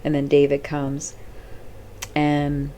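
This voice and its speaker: A woman's voice: low voice, monotone, slow pace, dark tone, a little hiss or hum. A woman hosting her own video, rambling off the cuff and acting out characters' lines, blunt and swearing casually. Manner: rambling, chatty, acts out characters' lines with "she's like". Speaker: host.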